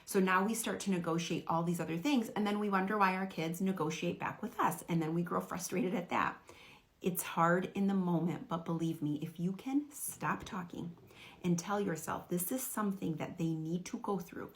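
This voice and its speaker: A woman's voice: fairly low pitch, normal speed. A woman who works as a parenting coach, giving direct, earnest advice to camera.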